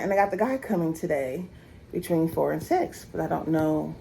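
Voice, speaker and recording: A woman's voice: normal speed, creaky, poor audio. A young woman chatting casually to camera at home, laughing at herself and joking as she goes. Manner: animated, laughing at herself, swooping high when teasing. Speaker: vlogger. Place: at home, moving between rooms.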